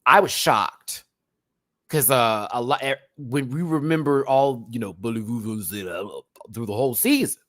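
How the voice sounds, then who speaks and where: A young man giving live-stream commentary on a reality show, gushing and bursting into excited squeals. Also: mid-range voice, a little slow, no room sound. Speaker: reality TV reviewer.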